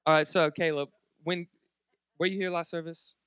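A man's voice: a little high, steady tone, normal speed, fairly bright tone, clean tone, dry recording, clean studio sound. A man preaching a sermon at a church service, joking and chatting directly with the congregation. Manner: jokey, chatty, talks straight to the congregation. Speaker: pastor.

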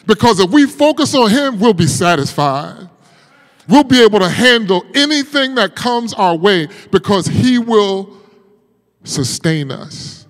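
A man preaching as a pastor, telling a personal story with feeling and moving from hushed passages to loud, fervent ones. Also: high voice, big pitch swings, a little slow, in a large hall. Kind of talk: sermon.

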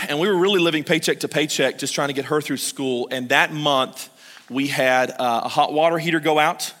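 A middle-aged male pastor preaching a sermon, swinging from loud urgent calls to hushed, intimate pleading as he tells stories and speaks straight to the congregation. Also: mid-range voice. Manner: storytelling, addresses the congregation directly. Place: church sanctuary. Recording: long hall reverb.

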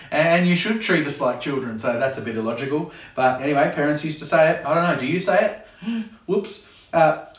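A jokey, chatty man talks casually to kids and parents at the camera, sometimes acting out a parent's voice. His voice sits a little higher than most men's. He sounds set back from the mic in a roomy, echoing space. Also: a bit bright, recorded from a distance. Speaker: kids club leader.

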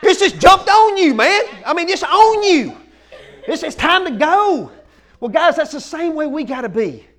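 A male pastor preaches at full energy. His voice sits very high, and he keeps peppering his lines with casual fillers. He often builds into loud, shouted rallying bursts. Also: measured pace. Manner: excitable, shouting bursts, folksy "man" fillers. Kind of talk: energetic sermon.

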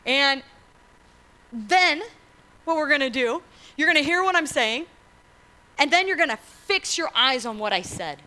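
A woman pastor preaching a sermon in an animated way, acting out quotes and asking the congregation questions. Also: high-pitched, measured pace, pauses often, low-quality recording.

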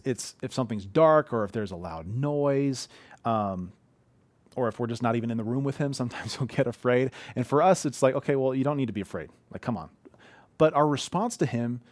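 A man's voice: medium pitch, a little mellow, dry recording. Guy in his 30s preaching casual and earnest from his living room, dry sound, medium voice. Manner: earnest, conversational preaching with frequent restarts. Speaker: pastor. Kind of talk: sermon.

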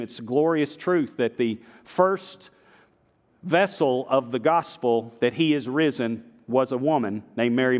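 A man with a slight Southern accent preaching a sermon, moving between emphatic declarations and quiet, conversational storytelling. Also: fairly high pitch, in a large hall. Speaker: pastor. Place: church sanctuary.

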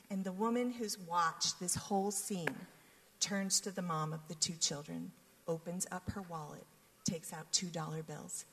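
A woman telling a lively personal story to a congregation, acting out the people in it with laughter. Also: lowish voice, a little slow, creaky, breathy edge. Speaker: guest storyteller. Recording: long reverb of a large hall.

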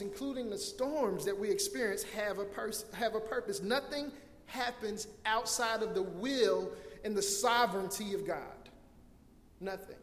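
Man, pastor, sermon, high voice, impassioned, repeats himself, echoey hall, long reverb. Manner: impassioned preaching, acts out scenes in loud cries; repeats words and restarts.

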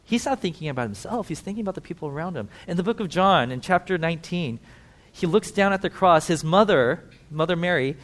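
A man preaching a sermon who tells the story vividly, swings between emphatic and hushed, and talks directly to his listeners. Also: sits high, animated, brisk. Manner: conversational asides to listeners.

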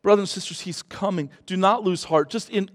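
A man preaching a sermon as pastor, earnest, swinging from hushed lines to loud rises. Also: sits high, a little fast, long reverb tail.

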